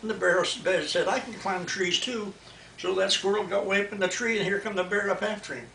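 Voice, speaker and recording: A man's voice: high-pitched, steady tone, fast talker, vocal fry, pushed and bright, slight background noise. Older man, grandfather, folksy bedtime storytelling, echoey room, distant mic.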